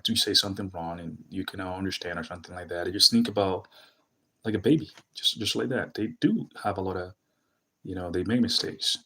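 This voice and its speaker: A man's voice: deep voice, a bit bright, breathy edge. A man with a Dominican accent giving a casual spoken lesson, loose and chatty with plenty of filler words. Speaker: Spanish teacher.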